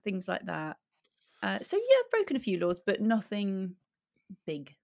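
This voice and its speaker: Giggly English woman, unhurried. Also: mid-range voice, huge pitch swings, vocal fry, a little mellow. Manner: giggly, chatty. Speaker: podcast guest. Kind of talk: casual chat.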